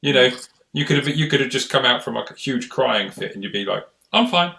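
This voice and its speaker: A man's voice: medium pitch, fast, vocal fry, sharp tone, roomy sound. A man hosting a casual live-stream chat, chatty and rambling in an encouraging way. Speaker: host.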